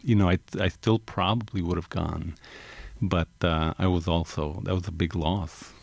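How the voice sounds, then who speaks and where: A man's voice: low voice, steady tone, normal speed, vocal fry, no room sound. A male author reading from his book, then talking reflectively in an interview with many restarts. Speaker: author, guest. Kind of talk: reading aloud and interview talk.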